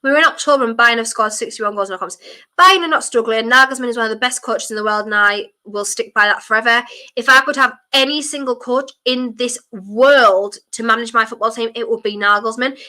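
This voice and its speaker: A woman streaming a football watchalong, chatting her opinions and breaking into shouts at fouls. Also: a little high, a little fast. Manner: passionate, blunt, chatty opinions. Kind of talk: live match commentary and fan chat.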